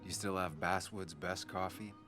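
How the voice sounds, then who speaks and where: A man's voice: low-pitched, steady tone, moderate pace, over music, natural voice. A man playing a jaded journalist in a video game, dry, guarded and a bit sardonic.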